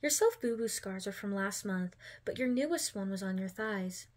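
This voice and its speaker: A woman hosting a channel and reading a second-person fan story aloud in a plain, steady storytelling voice. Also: medium pitch, moderate pace. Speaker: fanfiction reader.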